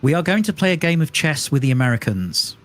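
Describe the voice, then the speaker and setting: Male co-player, talkative and amused, quick with trivia in a relaxed gaming chat. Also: fairly high pitch, faint music behind. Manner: chatty trivia buff, amused.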